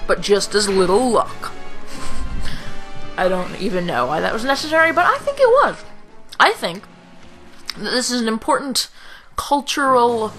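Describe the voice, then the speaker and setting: A young woman in her late teens with a slightly rough throat, giving dry, rambling, self-mocking commentary over a video game at home. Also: on the high side, measured pace, pauses often, over music, rough recording. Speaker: let's play commentator. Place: home room.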